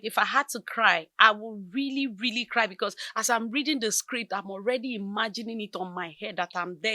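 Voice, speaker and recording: A woman with a Nigerian English accent, speaking as an actress in an interview, expressive and emphatic in her telling. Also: medium pitch, dry recording. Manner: expressive, emphatic, laughs often. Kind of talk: conversational interview.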